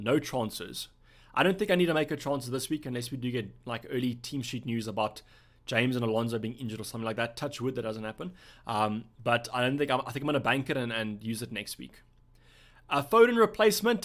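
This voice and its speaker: A young man from South Africa hosts a casual live stream at a mid pitch. He answers viewer questions in a relaxed, thinking-aloud way. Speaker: livestream host.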